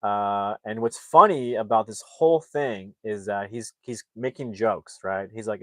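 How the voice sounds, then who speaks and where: A man's voice: lowish voice, unhurried, few pauses, dry recording. A man casually recapping a comedy film's plot, rambling with lots of "like" and restarts. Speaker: movie reviewer.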